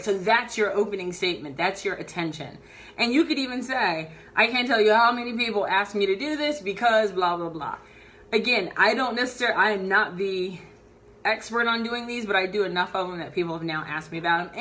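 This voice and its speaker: A woman coaching on camera in a live video tutorial, upbeat and animated, walking around her indoor office as she talks. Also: mid-range voice.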